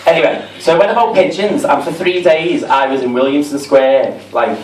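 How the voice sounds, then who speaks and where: A man's voice: a little high, normal speed. A man with a Liverpool accent doing a camp, chatty, self-mocking stand-up set in a comedy club. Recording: roomy, distant, with crowd noise.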